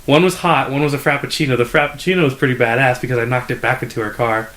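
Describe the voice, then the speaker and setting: A young man tells a story at a fast clip, packing every sentence with "like" and filler. He jumps into a higher voice whenever he acts out a customer or a coworker. His everyday pitch sits in the middle, and the chat stays casual and unscripted. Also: steady tone, a bit bright. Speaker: podcast co-host.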